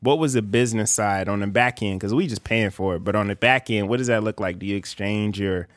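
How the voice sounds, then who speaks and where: A man's voice: fairly low pitch, a little fast, dry recording. A man co-hosting a casual podcast in a laid-back way, often backing up his partner with short replies. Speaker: podcast co-host.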